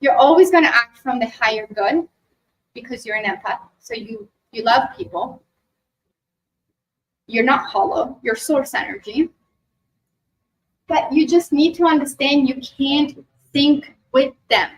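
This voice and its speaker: A high-pitched woman speaking to a live workshop group. She talks in an animated way, acts out what other people say and keeps asking "right?", then slows into a guided meditation. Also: slight background noise, low-quality recording. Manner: animated, acts out quoted voices, frequent "right?". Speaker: spiritual workshop presenter. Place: expo workshop room.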